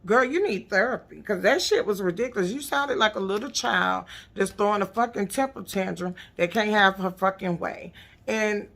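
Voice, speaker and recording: Woman, gravelly mid-pitched voice, blunt and profane, casual recap commentary. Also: moderate pace. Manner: blunt, profane, animated, rants at the cast. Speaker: reality TV recap vlogger.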